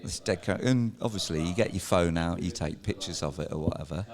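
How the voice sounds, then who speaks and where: A man's voice: sits low, brisk, gravelly, a crowd in the background. A man from England in casual chat, telling rambling, sweary anecdotes and laughing as he goes. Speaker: guest. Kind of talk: casual bar chat, storytelling.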